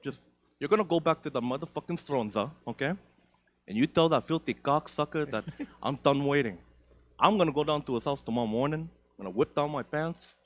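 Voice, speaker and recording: A comedian doing a loud, threatening Italian-American tough guy with a put-on accent during a stand-up bit. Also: fairly high pitch, a little fast, close to an everyday voice. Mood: menacing swagger.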